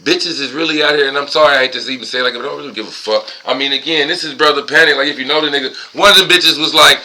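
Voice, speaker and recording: A man's voice: fairly high pitch, quick pace, hardly any pauses, pushed and bright, rough recording. A buzzed man rambling and ranting profanely at home in a casual vlog monologue. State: tipsy and high. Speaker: vlogger.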